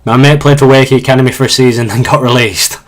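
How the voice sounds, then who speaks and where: A man's voice: mid-range voice, fairly even intonation, fast. A young man in his twenties with a Yorkshire accent, casually chatting on a live stream as he plays and reads viewer questions aloud. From Yorkshire, England. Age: 20s. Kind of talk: casual live-stream chat while gaming.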